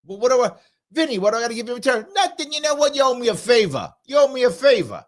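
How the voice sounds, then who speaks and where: A man from New York voicing a pushy male mob boss demanding a favor in return, with smooth, menacing shakedown patter. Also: very high-pitched, sing-song, rapid-fire, pitched above the performer's own voice.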